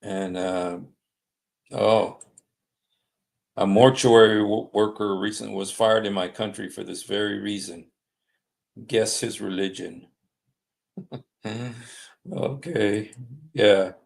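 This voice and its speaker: A man with a low, gravelly voice hosts a casual livestream. He reads passages aloud slowly, stopping often with fillers and apologies. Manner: halting, many fillers and apologies. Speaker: livestream host. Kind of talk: casual livestream commentary reading texts aloud. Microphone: desktop streaming mic.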